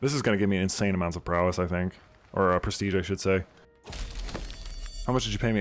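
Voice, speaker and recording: A man hosting a strategy game playthrough, chatting casually and bursting into loud mock outrage and cheering. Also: deep voice, fairly even intonation, fast talker, a little hiss or hum. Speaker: gaming video host. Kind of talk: casual let's-play commentary.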